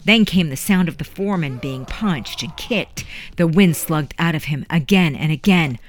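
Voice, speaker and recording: An audiobook narrator reading a historical story in a measured, dramatic way. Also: mid-range voice, a little hiss or hum. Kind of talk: scripted narration.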